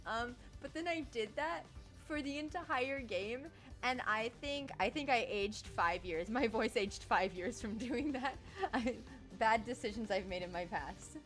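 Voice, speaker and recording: A woman's voice: on the high side, expressive, unhurried, fairly bright tone. A young woman voice actor chatting casually on a game stream, laughing often and swearing now and then. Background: faint game music.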